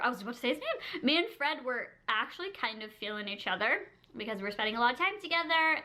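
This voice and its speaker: Woman vlogger, casual storyteller, giggly and chatty, bright tone. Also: fairly high pitch. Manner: chatty, heavy use of "like", frequent giggles.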